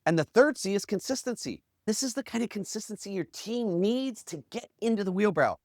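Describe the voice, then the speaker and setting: Animated male podcast host, dry close mic. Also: high voice, fairly quick, no echo. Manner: animated, acts out quotes in character voices. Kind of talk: motivational storytelling talk.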